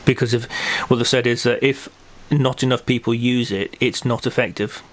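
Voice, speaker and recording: A man's voice: mid-range voice, steady tone, normal speed. A man hosting a local podcast in casual chat, rambling with many fillers and restarts. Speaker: podcast host.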